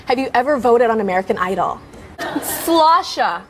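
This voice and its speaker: A woman's voice: fairly high pitch, lively intonation, normal speed, slight background noise. A woman asking a string of playful quiz questions with silly wordplay, in a teasing manner.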